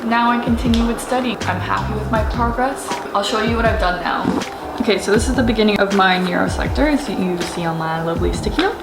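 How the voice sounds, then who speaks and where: A woman's voice: medium pitch, quick pace, creaky. A young woman, a physiotherapy student, chatting casually to camera in a vlog, full of fillers. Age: young adult. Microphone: camera and phone cam. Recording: music bed under the voice.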